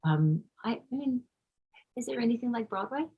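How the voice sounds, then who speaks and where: Effusive woman with a gravelly voice. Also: a little high, lively intonation, normal speed, narrow, tinny audio. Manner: effusive, gushing, restarts sentences. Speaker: actress interviewed. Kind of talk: casual interview talk.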